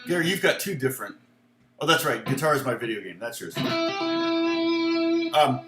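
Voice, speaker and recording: A man's voice: medium pitch, expressive, moderate pace, echoey room. A man teaching guitar in a casual lesson, telling stories and rambling with lots of fillers and asides.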